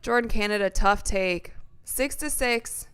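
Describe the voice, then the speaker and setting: Young woman streamer, chatty and reactive, clean smooth tone, mid pitch. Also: measured pace. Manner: chatty, reacts excitedly, reads chat aloud. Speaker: livestream host. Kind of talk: casual play-by-play watch party commentary.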